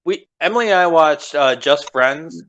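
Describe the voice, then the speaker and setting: Man, young adult, podcast co-host, loose rambling chat, slightly high voice. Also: animated, normal speed, a bit bright, lo-fi sound. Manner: loose and rambling, laughs often. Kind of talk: casual comedic chat.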